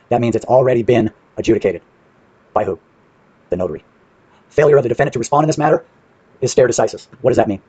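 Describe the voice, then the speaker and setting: A man's voice: medium pitch, darkish tone, husky, dry recording, highs cut off. A man with a brash, profane manner, casually walking through paperwork on screen and asking and answering his own questions.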